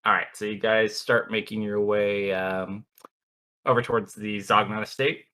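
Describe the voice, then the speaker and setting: Bright-voiced man running a tabletop game. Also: on the low side, little pitch movement, normal speed. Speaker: dungeon master.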